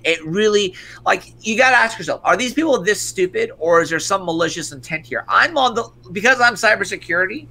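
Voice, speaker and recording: A man with a fairly high, gravelly voice and a bright, edgy tone, ranting in profane casual commentary. He stumbles and restarts as he talks, sounding like a stream co-host riled up over the news.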